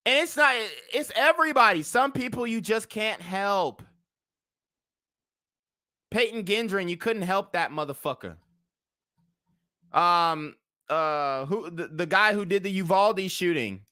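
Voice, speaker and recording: A young man hosts a livestream commentary, heated and blunt, swearing freely. His voice is bright and forceful, a bit above the usual pitch, and the recording is dry and close. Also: no echo. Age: young adult. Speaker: commentary channel host.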